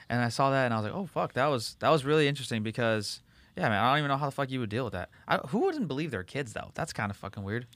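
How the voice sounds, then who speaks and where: This podcast host talks fast and rambles through his stories, swearing a lot and using plenty of fillers. His voice is medium-pitched and a little bright, recorded dry and close with no room sound.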